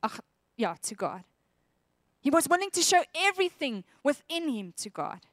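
A woman's voice: high voice, big pitch swings, normal speed, fairly bright tone, dry recording, studio quality. A woman preaching a sermon, earnest and reflective, reading scripture aloud with feeling.

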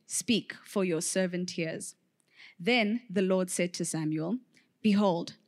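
A woman reading a Bible passage aloud in church, measured and clear. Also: lowish voice. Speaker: scripture reader.

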